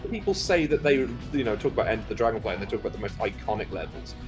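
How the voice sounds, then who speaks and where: A man's voice: on the low side, very animated, very fast, over loud music. A man chatting casually, rambling and swearing. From New Zealand. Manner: rambling, swearing, restarts often. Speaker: gameplay commentator. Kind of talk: casual chat.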